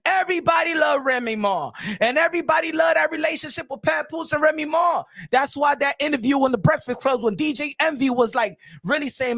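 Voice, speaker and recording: A man runs his boxing commentary channel in a high, gravelly voice. He lectures loudly, hammers the same phrases again and again, and talks straight to the fighter he is criticizing. The recording sounds close and completely dry. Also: brisk, hardly any pauses, no room sound. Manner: loud, preachy, repeats himself, addresses the subject directly. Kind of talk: emphatic boxing commentary vlog.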